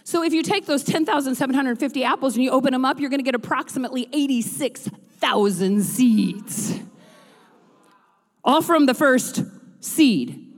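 A woman pastor preaching a sermon in a church, swinging from chatty, joking asides into loud, rhythmic preaching. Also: high voice, moderate pace. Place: church sanctuary. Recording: long reverb of a large hall.

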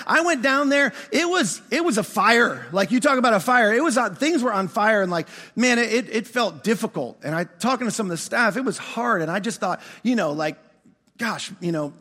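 A middle-aged male pastor preaching in a large church auditorium, his voice sitting unusually high for a man and ringing bright and forceful. He tells the story in an animated, self-mocking way, acting out both sides of the conversation, and a long hall reverb trails behind every phrase. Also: fast talker. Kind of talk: storytelling sermon.

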